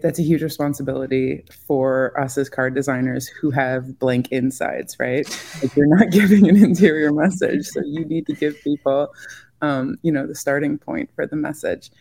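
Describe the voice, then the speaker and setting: A woman's voice: low-pitched, a little slow, vocal fry, mellow, slight background noise. A woman being interviewed about designing greeting cards, chatting casually and filling her talk with "like" and "you know.". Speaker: guest, greeting card designer.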